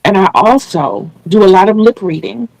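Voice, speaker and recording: A woman's voice: medium pitch, lively intonation, moderate pace, creaky, a little mellow, no room sound, low-quality recording. A woman hosting a casual video interview, speaking earnestly and explaining things at length with small restarts. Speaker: channel host interviewing a guest.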